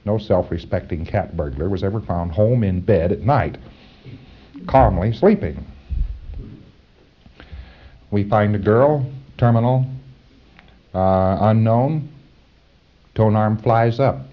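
A man giving an informal lecture to trainees, halting with fillers and repeating words for stress. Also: lowish voice, highs cut off.

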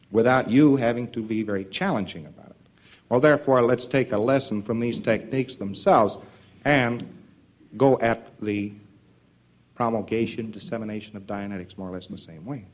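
Folksy male lecturer on dull old tape. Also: mid-range voice. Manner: folksy, emphatic, joking asides. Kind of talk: informal lecture to trainees.

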